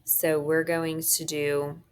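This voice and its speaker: A woman teacher's voice is low, level, slow, clear, and resonant as she leads students through a phonics worksheet. She marks words along the way, often pausing to ask "okay?"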